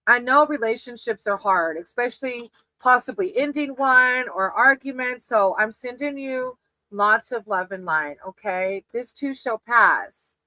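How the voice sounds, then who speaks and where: A woman's voice: a little high, lively intonation, measured pace, pushed and bright, no echo, low-quality recording. A woman doing casual live tarot readings for viewers, affectionate and often laughing, calling people sweetie. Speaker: tarot reader on a livestream.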